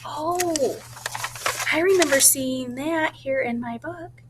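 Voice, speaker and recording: Slow, gentle woman teacher. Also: high voice, heavy background noise. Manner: slow, deliberate sounding-out of words; thinks aloud in a soft, gentle voice. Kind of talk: modeling a writing lesson for young children.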